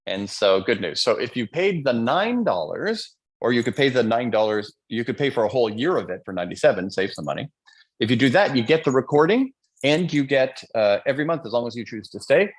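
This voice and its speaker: A man's voice: mid-range voice, slightly rough. A man hosting a live online seminar as a motivational coach, talking energetically and playfully, addressing the audience directly. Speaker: motivational coach, event host.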